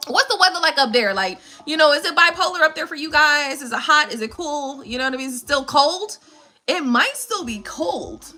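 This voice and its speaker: A woman's voice: sits high, bright, forceful tone. A woman hosting a live stream who chats casually with viewers in a playful, laughing way and swears freely. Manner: chatty, laughing, profane and playful. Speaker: tarot reader and live stream host.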